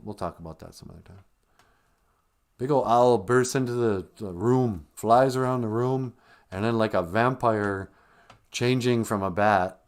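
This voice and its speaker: Rambling man recapping a movie. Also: low voice. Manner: rambling, digressive, self-interrupting. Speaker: podcast host. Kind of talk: casual comic movie recap.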